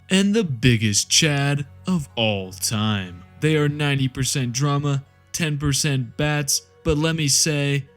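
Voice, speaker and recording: A man narrating a lore explainer in a comedic, scripted way, full of sarcastic jokey asides. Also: medium pitch. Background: faint background music.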